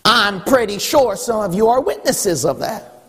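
A man delivers a sermon in a high, husky voice, pressing each point and climbing to shouts. His voice carries a long reverberation, as in a church hall. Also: animated, unhurried. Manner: emphatic, rising to shouts, acts out voices of God and listeners. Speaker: pastor.

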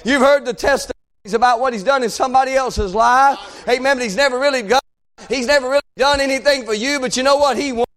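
A man preaching a fervent sermon, often shouting and calling out amen. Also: very high voice, fast talker.

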